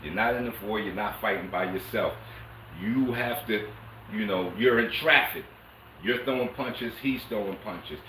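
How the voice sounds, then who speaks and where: A man's voice: lowish voice, unhurried, bright, forceful tone, a little hiss or hum. A man teaching a martial arts lesson on a livestream, talking casually and streetwise and coaxing viewers. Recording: echoey room, mic at a distance.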